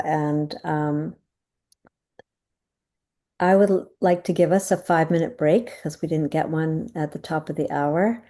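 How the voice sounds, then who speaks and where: A woman's voice: sits low, warm tone. A woman facilitating a group video call, talking in a meandering way and searching for words.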